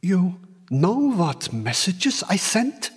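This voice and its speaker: A man voicing a young prisoner who speaks calmly and quietly, in a slow, slightly husky reading with long reverb. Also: high-pitched, pitched above the performer's own voice, full character voice. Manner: calm and subdued. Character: young male spy, quiet and resigned.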